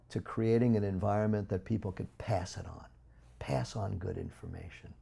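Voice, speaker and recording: A low, gravelly man holds forth as an interview guest. His dark, mellow voice swings from loud, punchy bursts to quiet asides. He talks in an emphatic, preaching way. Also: normal speed. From United States. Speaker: guest speaker. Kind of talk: interview talk.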